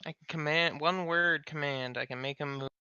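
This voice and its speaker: Bright male player, lo-fi mic. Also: fairly high pitch, fairly even intonation, moderate pace, clean tone, no echo. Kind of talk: tabletop role-play.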